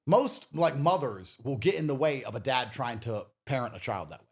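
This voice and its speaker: Cocky foul-mouthed guy on a podcast, mid pitch, voice swinging all over the place. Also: lively intonation, moderate pace, breathy edge. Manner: brash, profane, swaggering storyteller. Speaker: podcast guest. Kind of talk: casual chat.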